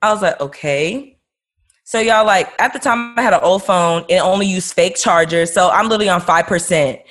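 A woman's voice: lowish voice, brisk, a bit bright. A woman co-hosting a casual podcast, talking in a hesitant, rambling way full of fillers. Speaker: podcast co-host. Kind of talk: casual storytelling chat.

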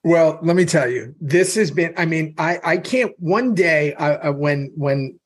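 A man's voice: fairly high pitch, unhurried, husky. A man co-hosting a casual podcast chat, talking in a rambling, meandering way full of restarts. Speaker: podcast co-host.

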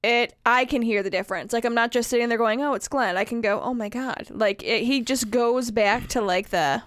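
A woman from Wisconsin who talks bluntly in casual conversation, swearing freely. Her voice sits a little on the high side. The recording is close-miked and dry. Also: fairly quick, no echo. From northern US, Wisconsin. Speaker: podcast co-host. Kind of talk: casual chat.

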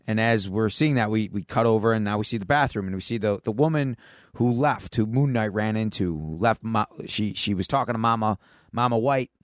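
A man's voice: on the low side, brisk, no room sound, studio quality. A man co-hosting a podcast, retelling a comic plot casually with lots of restarts. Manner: rambling storyteller, many fillers and restarts. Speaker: podcast co-host. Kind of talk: casual chat.

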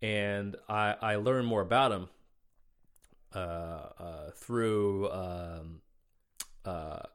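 Chatty man with a lowish voice. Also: very slow, a bit bright, clear, resonant tone. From Minnesota. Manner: loose and chatty, peppers talk with "man" and "bro". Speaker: podcast host. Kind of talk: casual solo storytelling.

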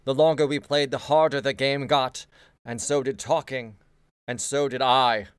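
A man's voice: medium pitch, steady tone, moderate pace, clean tone, no echo, close to an everyday voice. A man doing a dim, lustful young prince. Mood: oblivious. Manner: blunt, oblivious.

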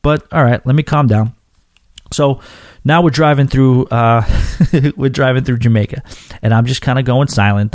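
Mellow-voiced man ranting about a trip. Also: mid-range voice, normal speed, no echo, clean studio sound. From New York. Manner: animated, profane ranting with frequent restarts. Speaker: podcast host. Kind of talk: casual storytelling monologue.

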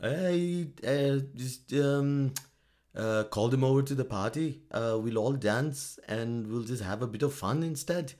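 A man voicing a carefree, tipsy woman head of state with a mock Finnish accent and halting, filler-heavy speech. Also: medium pitch, a little mellow, close to an everyday voice. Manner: hesitant, filler-laden.

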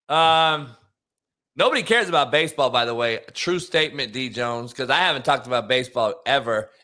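A man's voice: mid-range voice, animated, normal speed, long pauses, sharp tone. A man hosting a casual sports debate show, brash and profane, often laughing and ribbing his co-host.

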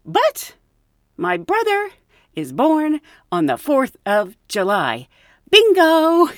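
A woman hosting a podcast, telling stories from her work as a flight attendant in an animated way and often laughing. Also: mid-range voice, slow. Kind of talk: anecdotal storytelling.

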